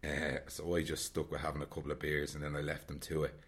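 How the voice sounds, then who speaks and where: A man's voice: extremely low pitch, flat delivery, fast talker, a bit bright. A man from Dublin with a Dublin Irish accent, chatting candidly and reflectively about travelling alone, rambling and repeating himself. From Ireland, Dublin. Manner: rambling, frank, repeats phrases. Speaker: solo traveller vlogger.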